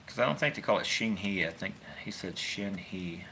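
He talks very fast in a low, expressive voice that's creaky, pushed and bright, with slight background noise behind him. A fishing-channel host, he rambles casually into his phone during a livestream, folksy and given to wry asides.

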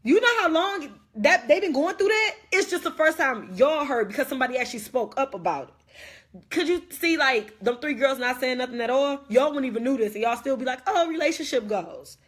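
A woman's voice: high-pitched, expressive, fairly quick, fairly bright tone. A young woman venting on a phone live stream in an impassioned casual rant, emphatic, hurt and confrontational, repeating herself for weight. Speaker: livestreamer.

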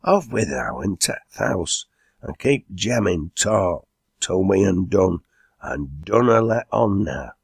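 Man doing a gruff scheming villager. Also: low voice, big pitch swings, takes it slowly, dry recording, studio quality, exaggerated voice. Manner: broad dialect, gruff. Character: blunt, scheming male Lancashire villager.

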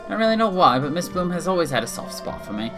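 Man voicing a gentle retired old toy maker. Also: fairly high pitch, very animated, quick pace, over music. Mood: kindly. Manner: kindly, fussing.

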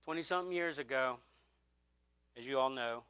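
A middle-aged man preaching in a bright, clear, forward voice. He gives an earnest personal testimony and leans on repeated phrases for emphasis. The sound is close and dry, with almost no room around it. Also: medium pitch, normal speed, dry recording. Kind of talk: sermon.

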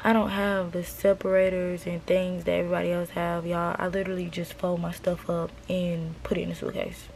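A young woman vlogging casually to her viewers, sick and hoarse with a raspy voice. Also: on the low side, darkish tone, slight background noise. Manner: talks straight to camera, addressing viewers as y'all. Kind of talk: casual vlog chat.

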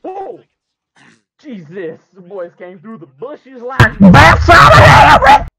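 A man in casual gaming chat, giggling a lot and shouting call-outs to his teammate. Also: very high-pitched, sing-song, takes it slowly, creaky. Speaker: gamer.

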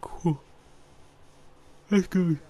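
A man's voice: high voice, extremely slow, dark tone. A man giving casual, chatty let's-play commentary, joking and talking to the game's characters as he plays. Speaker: gaming YouTuber.

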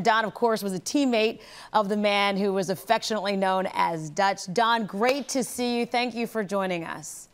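A woman news anchor leading an interview with a polished, measured delivery. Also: fairly high pitch.

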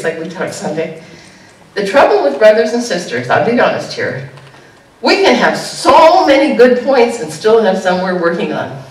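Woman pastor preaching in an echoey church. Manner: animated preaching with sudden high exclamations. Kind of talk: sermon. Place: church sanctuary. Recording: echoey church room heard from a distance.

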